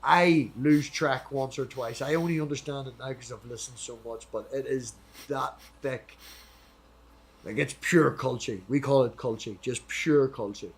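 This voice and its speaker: A man with an Irish accent hosting a casual debate chat. He rambles, goes off on tangents and swears freely, and at times slows down to read scripture aloud. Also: medium pitch. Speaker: host.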